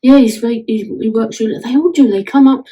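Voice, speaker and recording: At home indoors, a woman gives a testimonial about work done on her house, chatting enthusiastically and often restarting her sentences. Her voice is a little high, brisk and dark with a breathy edge, and the recording's highs are cut off.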